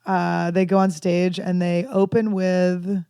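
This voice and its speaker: A woman's voice: fairly low pitch, level tone, takes it slowly, smooth, dry recording. Chatty woman comedian, dry close mic. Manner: candid, rambling storytelling with dark jokes. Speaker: comedian guest. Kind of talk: casual podcast chat.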